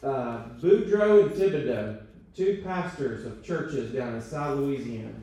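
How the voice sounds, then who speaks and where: In a church meeting room, a male teacher runs a training session in a chatty way, asking how his audience is doing and poking fun at himself. He speaks at mid pitch with lively intonation, an unhurried pace, and a dark tone, picked up from a distance in a heavily reverberant space.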